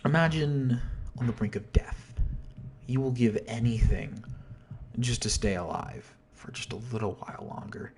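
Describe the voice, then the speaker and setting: A man's voice: medium pitch, unhurried, a little mellow, a little hiss or hum. Rambling man breaking down song lyrics. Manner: rambling, often drops to a whisper, self-corrects. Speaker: video host explaining song lyrics. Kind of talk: casual lyric breakdown, quoting and half-singing lines.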